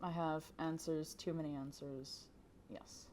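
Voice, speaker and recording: A soft-spoken woman at a tabletop game drifts between her character and table chatter, hesitant and prone to giggling. She talks slowly, with a slightly low voice. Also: fairly even intonation, a little hiss or hum. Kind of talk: tabletop role-play, in and out of character.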